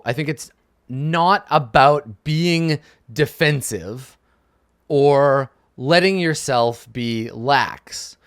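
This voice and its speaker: A man's voice: on the high side, fairly bright tone, dry recording, clean studio sound. A middle-aged man hosting an advice show for game masters, speaking frankly and emphatically, swearing casually and ending his points with "right?". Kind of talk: advice monologue.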